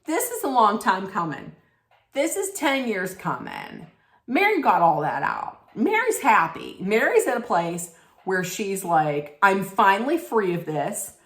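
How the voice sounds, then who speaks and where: A woman's voice: medium pitch, huge pitch swings, a little slow. Woman, snarky recap vlogger, blunt, emphatic, sarcastic, roomy echo. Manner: blunt, sarcastic, emphatic, talks straight to viewers.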